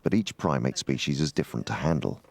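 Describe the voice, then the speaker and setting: A man narrating a documentary in a calm, measured, scripted way. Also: a bass voice. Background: music.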